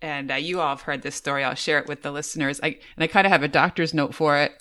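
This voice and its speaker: A woman with a low but bright, forceful voice shares a personal story in a podcast chat. She speaks openly and expressively, with a lively storyteller's touch. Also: quick pace. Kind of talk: casual conversation.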